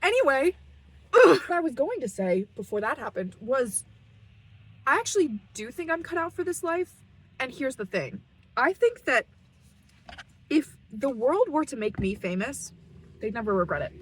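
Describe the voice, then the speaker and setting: Husky-voiced young woman rambling in her car. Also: high-pitched, big pitch swings, normal speed, pauses often, rough recording. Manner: self-deprecating, chatty, rambling with giggles. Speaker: vlogger. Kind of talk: casual rambling monologue. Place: parked car.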